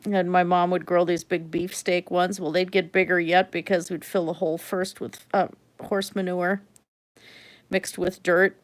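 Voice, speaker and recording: A woman's voice: fairly low pitch, little pitch movement, a little slow. A middle-aged woman with a Minnesotan accent, chatting casually on a livestream and rambling with many fillers and restarts. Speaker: livestream host. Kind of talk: casual livestream chat while painting.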